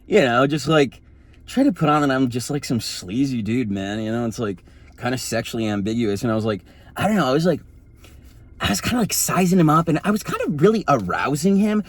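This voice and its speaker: A man's voice: expressive, brisk, natural voice. A man putting on a sleazy blue-collar dude. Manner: low, drawling macho put-on.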